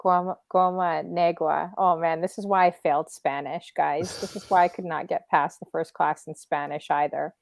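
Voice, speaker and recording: A woman with a Canadian accent hosting a casual livestreamed interview, chatty and quick to laugh. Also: low voice, fairly even intonation, gravelly, no room sound. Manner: chatty, laughs easily, reads chat aloud. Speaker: talk show host.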